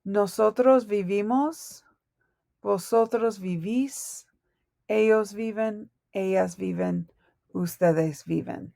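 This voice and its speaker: Slow, gravelly-voiced woman teaching Spanish. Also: mid-range voice, warm tone, no room sound, clean studio sound. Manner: slow, patient, spells out endings letter by letter. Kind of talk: recorded classroom lesson.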